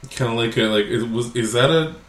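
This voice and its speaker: A man's voice: medium pitch, brisk, echoey room. A man co-hosting a podcast, chiming in with dry, teasing remarks in casual chat. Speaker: podcast co-host.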